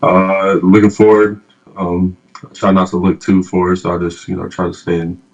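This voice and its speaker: Flat, low young man with filler-heavy answers. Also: normal speed, muffled recording. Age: young adult. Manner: soft-spoken, many fillers. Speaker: rookie athlete interviewee. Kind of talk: interview answers.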